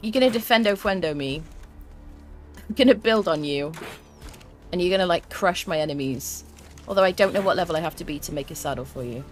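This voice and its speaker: A young woman streaming a video game, chatting excitably to the creatures and her viewers as she plays. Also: fairly low pitch, a little fast, long pauses. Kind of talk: let's play commentary. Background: faint game music.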